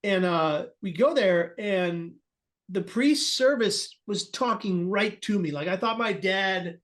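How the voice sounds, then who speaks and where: A man's voice: high-pitched, expressive, slow pace, a bit bright. A man, a guest on an interview podcast, earnestly tells a personal story and acts out the people he quotes, often restarting his sentences.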